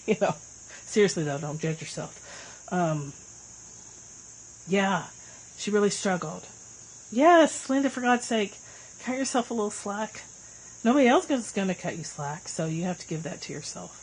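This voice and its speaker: A woman hosting a casual livestream, chatting with viewers and answering their comments with lively swings in pitch. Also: normal speed, pauses often, slight background noise, rough recording. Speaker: livestream host.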